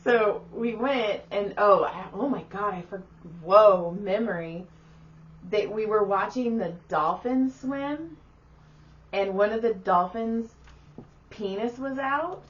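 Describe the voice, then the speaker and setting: A woman co-hosting a podcast, telling childhood stories in a casual, animated way, swearing freely and laughing as she goes. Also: medium pitch, takes it slowly. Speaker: podcast co-host. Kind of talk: casual storytelling chat. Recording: distant mic, dull lo-fi sound.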